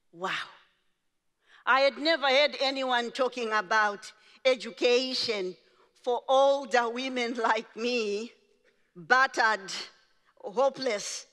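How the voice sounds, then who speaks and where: Shona-speaking woman telling her story on stage, bright voice, big echoey hall. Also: a little high. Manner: slow, deliberate delivery with emphatic phrasing. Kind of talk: personal storytelling speech. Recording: reverberant large hall.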